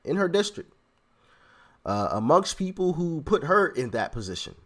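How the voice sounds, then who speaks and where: A man hosting a commentary channel, reacting in casual talk. He is animated, restarts his phrases often and speaks directly to his viewers. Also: fairly high pitch, normal speed.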